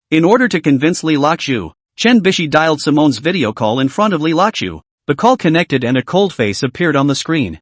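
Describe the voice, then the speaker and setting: A man narrating a story recap in a steady, scripted storytelling manner. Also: on the high side, normal speed, hardly any pauses, no echo.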